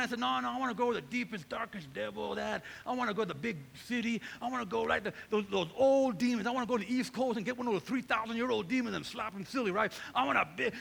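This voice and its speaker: A middle-aged pastor from Northern California preaches a sermon testimony in a church hall, animatedly acting out his own past conversations. His voice is extremely high-pitched and gravelly, carrying the long reverb of the hall.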